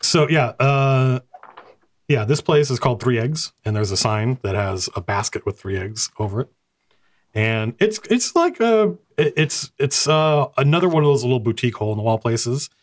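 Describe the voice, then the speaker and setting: Sex: man. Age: middle-aged. Role: game master. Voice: mid-pitched, casual, rambling. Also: animated, moderate pace. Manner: casual, rambling, with many restarts. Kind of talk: narrating a tabletop game.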